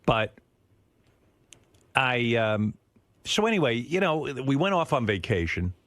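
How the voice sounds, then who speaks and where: A man's voice: medium pitch, sing-song, a little slow, fairly bright tone, no room sound. Rambling middle-aged man telling a story. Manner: rambling storyteller, acts out quoted calls. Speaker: radio show host. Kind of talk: casual studio chat. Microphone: studio microphone.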